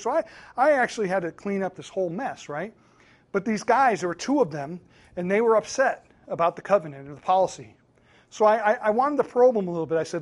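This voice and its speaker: A man's voice: sits high, fast talker. A man in his thirties, a pastor, giving an earnest, conversational church training talk full of anecdotes.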